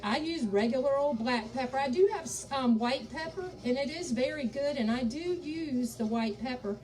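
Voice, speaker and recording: This Charleston, South Carolina cooking show host, Southern American accent included, chats folksily with viewers while she cooks during a live demo in a home kitchen. Her high voice is a little mellow and moderately paced, recorded from a distance and a bit off-mic, with poor audio and faint music behind.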